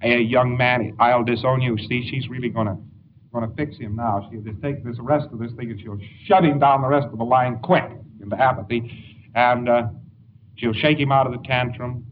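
Male lecturer with an everyday pitch, wry and anecdotal; dull tape with light hiss. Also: normal speed. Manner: anecdotal, wry, acts out examples. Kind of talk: recorded lecture.

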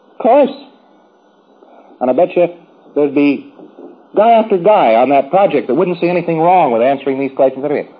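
A man's voice: on the high side, husky, phone-quality sound. A man giving a rambling, folksy, informal lecture to trainees, with wry asides.

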